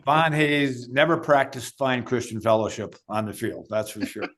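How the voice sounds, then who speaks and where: A man's voice: medium pitch, fairly even intonation, normal speed, a bit bright. An older man, a retired umpire co-hosting, telling wry joking anecdotes in casual chat. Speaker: co-host, retired baseball umpire.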